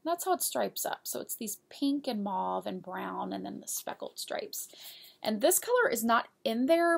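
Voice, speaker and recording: Lady knitting podcaster, super gravelly fry, kinda husky, chatty and giggly. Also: mid-range voice, very animated, normal speed. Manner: chatty, giggly, talks straight to viewers. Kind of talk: casual show-and-tell of yarn purchases.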